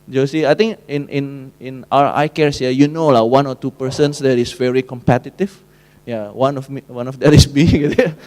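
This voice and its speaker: A man's voice: mid-range voice, fairly even intonation, brisk, darkish tone. A male pastor, preaching a sermon as a chatty personal story. He laughs often and slips fillers into his English.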